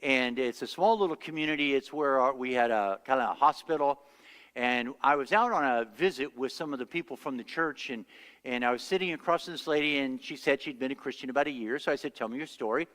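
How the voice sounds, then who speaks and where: Male pastor giving a sermon, mid pitch, storytelling voice, big echoey church hall. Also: a little fast, a bit bright. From United States. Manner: storytelling, acts out quoted voices. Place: church sanctuary.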